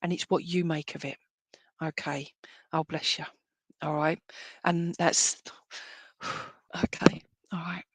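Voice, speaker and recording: A woman's voice: lowish voice, fairly bright tone, slightly rough, dry recording. A woman acting as a medium at a live-streamed church service, talking in an affectionate, reassuring way and often checking "all right?" with her listeners. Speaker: medium giving spirit readings.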